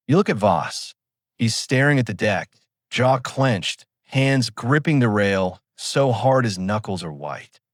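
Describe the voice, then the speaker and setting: A man giving calm, cinematic second-person narration of a sea story. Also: lowish voice, unhurried, dry recording, clean studio sound. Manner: calm, dramatic.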